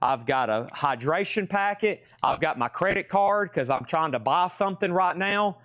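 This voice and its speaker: A man hosting a live vinyl record sale stream from a record shop, calling prices in joking, rapid-fire patter and repeating his lines. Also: high-pitched, animated, fairly bright tone, dry recording, clean studio sound.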